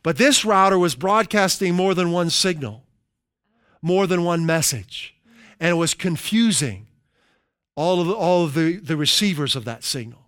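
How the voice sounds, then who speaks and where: Preaching a sermon, this middle-aged pastor has a high, resonant, smooth voice that's fairly bright and full of lively intonation. Key phrases get slowed down for emphasis, and he slips easily into conversational asides. It's a close, dry recording.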